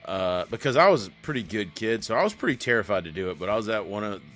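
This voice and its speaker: A man's voice: on the low side, expressive, fast, a bit bright. A man co-hosting a casual podcast chat, his voice rising and falling a lot as he tells stories. He laughs often and swears freely, and faint music sits behind him. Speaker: podcast co-host.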